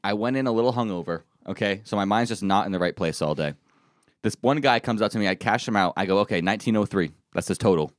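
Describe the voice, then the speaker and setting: A man co-hosting a casual comedy podcast, telling stories in a lively, joking way. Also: on the low side, fast, no echo, clean studio sound. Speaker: co-host.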